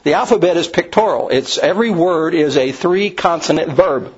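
A man's voice: on the high side, moderate pace, husky. A man teaching a Bible study class, explaining in a rambling way with many restarts and asides. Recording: dull lo-fi recording.

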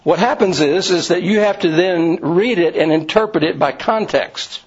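A man's voice: sits high, normal speed, breathy edge. A man teaching a Bible study class, explaining in a rambling way with many restarts and asides. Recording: dull lo-fi recording.

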